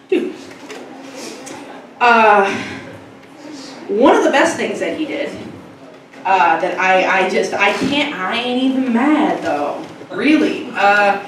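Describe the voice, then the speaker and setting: A woman's voice: mid-range voice, fairly bright tone, distant mic, a little hiss or hum. A young woman performing a stand-up comedy set, chatty and self-mocking, rambling through asides. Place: comedy club stage. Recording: echoey club, mic from afar.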